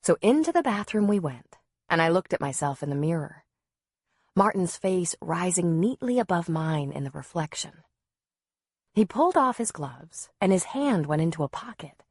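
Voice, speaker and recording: A woman narrating a novel in the first person, in a measured, softly expressive way. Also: on the low side, breathy edge, no echo, studio quality. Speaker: audiobook narrator.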